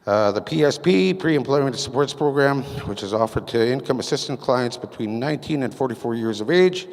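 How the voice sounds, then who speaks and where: A man reports to a community meeting from his notes, stopping often on fillers and restarting phrases. His mid-pitched voice rings out with a long hall reverb. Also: expressive, a little mellow. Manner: halting, many fillers, reads from notes. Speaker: council member giving a portfolio report.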